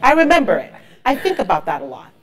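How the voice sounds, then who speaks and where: A woman's voice: on the high side, huge pitch swings, fast talker. A woman in her thirties, a marketing executive, speaking emphatically and with motivation as the guest of an onstage interview, often repeating words for stress.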